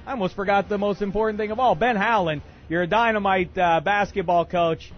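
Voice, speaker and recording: A man hosting a comedic sports talk radio show, ranting in an excitable, bombastic way with many uhs. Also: sits high, brisk, highs cut off, faint music behind. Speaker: radio host.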